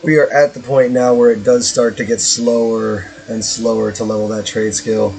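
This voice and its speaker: A man's voice: on the low side, fairly even intonation, normal speed, vocal fry, a little mellow, low-quality recording. A man streaming a strategy game, chatting casually in a rambling, joking way with profane asides. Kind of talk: casual let's-play commentary.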